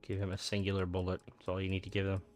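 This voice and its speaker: A man talks through his gameplay in a loose, rambling way, full of "like" and "kinda". His voice sits on the low side, and faint music plays underneath. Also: monotone, quick pace. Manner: rambling, filler-heavy, upbeat. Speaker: game streamer. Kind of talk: casual gameplay commentary.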